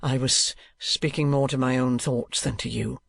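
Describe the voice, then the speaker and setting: A man voicing an earnest, gentle young schoolteacher who speaks in a calm, sorrowful, soothing way. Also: medium pitch, moderate pace, vocal fry.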